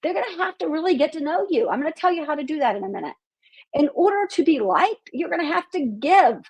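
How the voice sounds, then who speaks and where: A woman's voice: high voice, animated, fast. A woman hosting a marketing podcast, speaking bluntly with profanity and a fired-up, outspoken manner.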